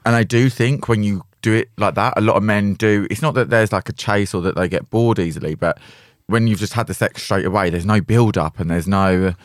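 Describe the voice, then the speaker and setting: A man's voice: lowish voice, a little fast, dry recording, studio quality. A man co-hosting a podcast, teasing his friend and summing up his dating plans in casual chat. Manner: teasing, sums up and sorts out what his co-host says.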